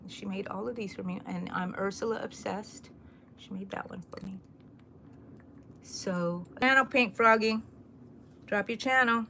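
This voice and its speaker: Against a noisy background, a middle-aged crochet livestream host speaks at medium pitch with some vocal fry. Her stream is casual: she chats, laughs a lot, and reads out comments from viewers.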